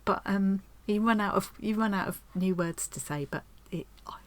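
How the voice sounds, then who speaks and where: A woman with a mid-range voice talks at a moderate pace in a craft vlog filmed at home. Opening her post, she chats casually, rambling effusively and often restarting her sentences.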